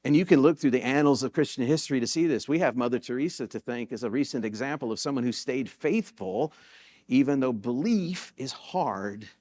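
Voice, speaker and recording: A man's voice: medium pitch, a little fast, darkish tone. A man pastor giving a sermon in a church sanctuary, telling stories in a conversational way and rising into sudden emphatic peaks.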